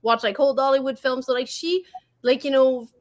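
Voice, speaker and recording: A woman with a French accent, co-hosting a podcast in casual chat, animated and giggly with quick asides, on a remote call mic. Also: high-pitched. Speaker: podcast co-host.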